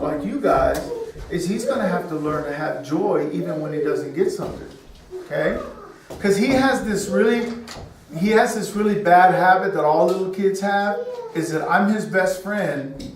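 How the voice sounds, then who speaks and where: A man's voice: fairly high pitch, a little hiss or hum. A middle-aged man teaching a children's sermon to a room of kids, checking in with "okay?" and "right?" as he goes. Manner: keeps asking the kids questions, tags lines with "okay?" and "right?". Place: church room full of children. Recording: echoey room, mic far off.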